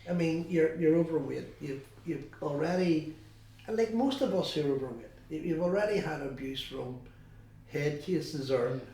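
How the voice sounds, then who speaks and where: A man interviewing a guest, asking measured, encouraging questions. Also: on the high side, dark tone. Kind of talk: conversational interview. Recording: echoey room, heard from a distance.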